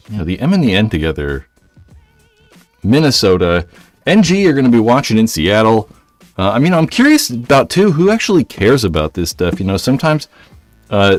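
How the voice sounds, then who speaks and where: Male streamer, lively up-and-down delivery, dry close sound, faint music underneath, chatty and jokey. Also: lowish voice, dry recording. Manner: rambling, jokey, reads chat aloud. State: out of breath. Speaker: live stream host. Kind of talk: casual live stream chat.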